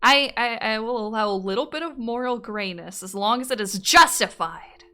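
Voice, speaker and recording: Reading out confessions sent in by viewers, this streamer host reacts animatedly, frequently laughing and cursing without restraint. Her voice is fairly high, and she keeps a moderate pace.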